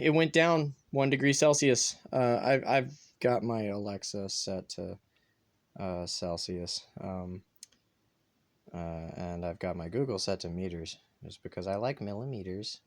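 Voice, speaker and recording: A man from North Carolina talking casually to his phone in a rambling monologue, swearing often and filling pauses with ums and uhs. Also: lowish voice. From North Carolina, USA. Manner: swears a lot, rambling with many fillers. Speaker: vlogger.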